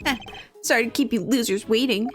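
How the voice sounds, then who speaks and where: A woman's voice: a little high, brisk, soft background music, natural voice. A woman voicing a brash, boastful teenage boy who craves attention.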